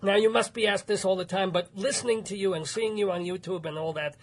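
A male radio host in casual interview chat, reacting quickly with laughs and apologetic asides. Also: high-pitched, fairly even intonation.

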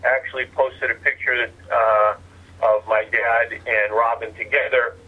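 A man's voice: medium pitch, level tone, moderate pace, slightly rough. A male comedian being interviewed on radio, bantering with wry, incredulous humor. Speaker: guest comedian. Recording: tinny phone line.

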